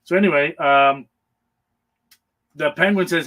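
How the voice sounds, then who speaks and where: A man at an everyday middle pitch casually recapping a comic book for a panel. He rambles, stumbles through hesitations and chuckles often as he goes. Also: normal speed, a bit bright, rough recording.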